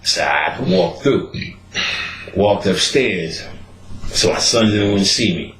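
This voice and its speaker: Man, podcast host, lively swinging pitch, profane and laughing, roomy echo, faint background noise. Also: measured pace, long pauses. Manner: animated, laughing, profane storytelling. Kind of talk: casual storytelling chat.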